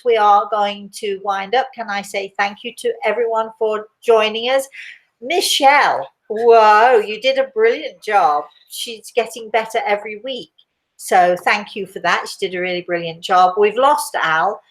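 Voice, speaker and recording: A woman's voice: medium pitch, rough recording. Chatty older woman hosting a live stream. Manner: chatty, warm, laughs often. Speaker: host and medium. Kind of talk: casual live-stream chat.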